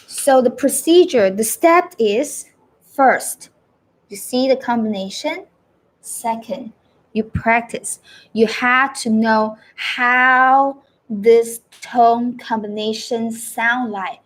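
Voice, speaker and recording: A woman with a fairly high voice teaches Mandarin over a live stream. She speaks in an unhurried way, stretching out the tones and repeating each example so viewers can follow. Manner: demonstrates tones by sliding her voice up and down, repeats phrases slowly. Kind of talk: live-streamed language lesson.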